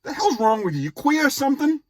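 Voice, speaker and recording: A man voicing his angry, incredulous middle-aged father, barking short questions in a husky voice. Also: high voice, wildly swooping pitch, unhurried, warm tone, pitched above the performer's own voice, full character voice. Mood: outraged.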